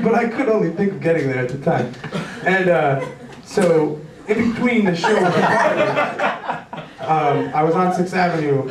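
A young man doing a rambling, self-deprecating stand-up routine with many stumbling restarts. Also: fairly high pitch. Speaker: stand-up comedian. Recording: roomy club sound from far off, audience noise.

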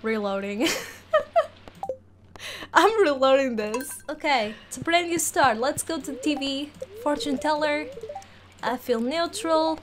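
With music playing in the background, a young let's play gamer comments on her game at a moderate pace in a high-pitched voice. She giggles a lot, sounds playfully exasperated, and speaks directly to the game's characters.

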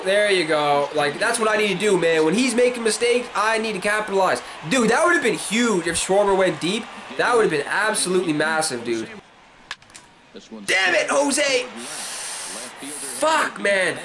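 A man with a high voice gives excitable live gameplay commentary, swearing and shouting at what happens on screen. Loud stadium crowd noise from the game sits behind his voice. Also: normal speed, poor audio. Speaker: gaming commentator.

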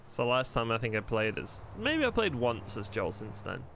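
A male streamer talks to his viewers at a middle pitch while he plays, rambling and thinking out loud. He swears casually and often. A faint noise sits under his voice. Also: wildly swooping pitch, moderate pace, gravelly. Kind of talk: live-streamed roleplay gameplay chat.

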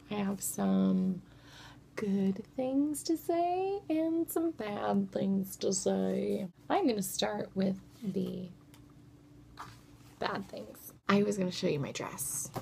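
A woman in her thirties chatting casually to camera as a mother vlogger, self-deprecating and at times dropping to a soft whisper. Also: medium pitch, vocal fry.

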